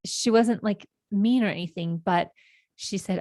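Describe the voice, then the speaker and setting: A woman in her forties from California, the host of a podcast, telling childhood stories in a meandering, reflective way with gentle self-corrections. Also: lowish voice, measured pace, creaky, dry recording, studio quality. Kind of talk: reflective personal storytelling.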